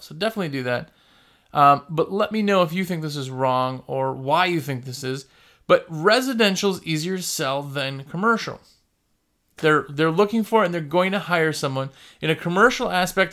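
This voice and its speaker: Man, casual business-advice talker, jokey storyteller, bright slightly high voice. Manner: chatty, jokey storytelling with quoted customers. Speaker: window cleaning business owner giving advice.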